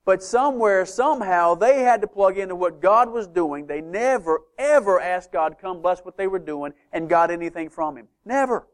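This male preacher gives an animated church sermon full of rhetorical questions, moving back and forth between quiet asides and forceful emphasis. He speaks at a normal speed in a high-pitched voice with few pauses.

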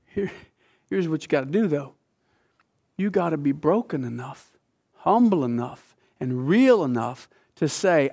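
A man preaching a sermon with emphasis, dropping from loud phrases to hushed whispers and asking the listeners questions like a teacher. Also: a little high, lively intonation, unhurried, vocal fry, husky.

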